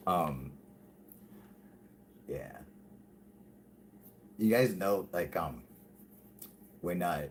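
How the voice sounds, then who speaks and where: Casual male live-stream host, deep voice, profane and giggly, riffing off chat. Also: big pitch swings, slow, long pauses, fairly bright tone, breathy edge. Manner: swears constantly, laughs often, reads chat aloud.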